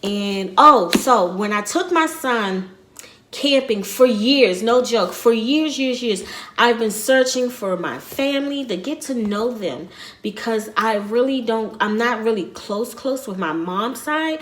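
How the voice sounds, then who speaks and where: Her voice sits fairly high, animated yet measured in pace, as this middle-aged woman vlogs casually. She tells a personal story in a quiet, sincere way, wandering off track and saying things more than once.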